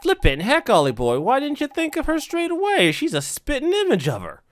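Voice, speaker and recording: A brash little fairy with a lilt squawks and scolds, his voice leaping high and pushed loud. The pitch jumps wildly. Faint game music plays underneath. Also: wildly swooping pitch, brisk, heavily acted. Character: excitable little male fairy with a lantern nose. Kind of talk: let's play voicing game dialogue.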